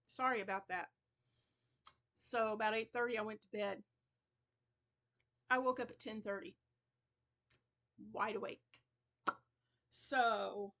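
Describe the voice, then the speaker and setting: A woman's voice: on the high side, fairly bright tone. Chatty, tired woman vlogging. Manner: chatty, rambling, yawns and laughs between thoughts. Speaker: crochet channel host. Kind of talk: casual chat.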